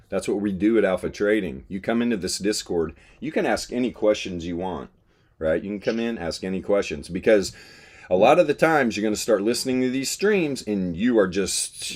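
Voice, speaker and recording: Man, very low voice, casual trading stream host, laid-back, swears a bit. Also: a little mellow. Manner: laid-back, swears, laughs while telling stories. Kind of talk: casual live-stream chat.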